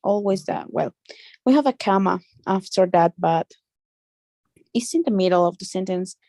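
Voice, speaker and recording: Halting woman student with a gravelly voice. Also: medium pitch, dark tone, dry recording. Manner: hesitant, halting. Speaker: English student. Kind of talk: thinking aloud during a lesson.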